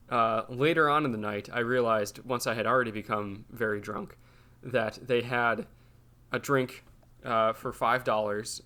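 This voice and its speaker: Bright-voiced man telling a rambling story. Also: medium pitch. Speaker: podcast co-host. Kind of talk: casual podcast chat.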